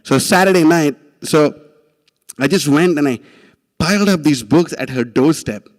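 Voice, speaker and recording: A man giving a religious class, telling a story in an animated, casual way with many restarts and laughs. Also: on the high side, normal speed, long reverb tail.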